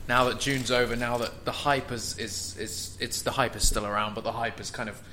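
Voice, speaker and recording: A man chats casually as a podcast co-host, his tone bright and sharp. He restarts his sentences often, with a faint background noise under his voice. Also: mid-range voice, steady tone, brisk.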